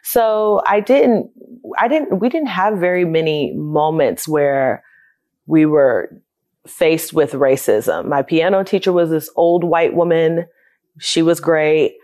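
A woman's voice: low voice, slow pace, dark tone. A woman in her thirties from South Florida, telling her life story in an interview in a candid, reflective, conversational way. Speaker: interviewee, childcare business owner.

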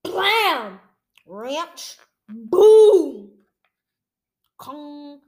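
In an extremely slow, sing-song delivery, a woman with a high, darkish-toned voice reads a graphic novel aloud. Sound effects and dialogue come out in the same reading voice as she tells the story.

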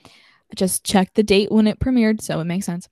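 Young woman, podcast co-host, chatty and animated, laughs a lot, dry close sound. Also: medium pitch, moderate pace, no echo. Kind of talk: casual chat.

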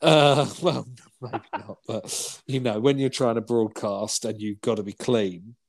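A man's voice: mid-range voice, fairly even intonation, unhurried. A man, co-hosting a podcast and telling rambling stories in casual chat, swearing now and then and acting out what people said. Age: 40s. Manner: rambling storyteller, swears, acts out quoted lines. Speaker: podcast co-host.

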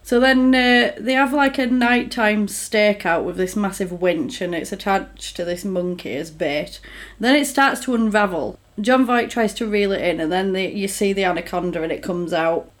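A woman in casual chat, animatedly retelling a film plot and slipping into quoted lines. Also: mid-range voice.

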